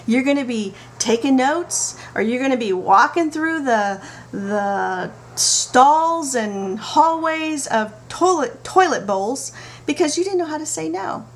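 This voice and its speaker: A middle-aged woman talking to camera about parenting, telling stories in an animated way with playful asides. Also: sits high, takes it slowly. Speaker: parenting vlogger. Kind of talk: casual talk to camera. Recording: faint background noise.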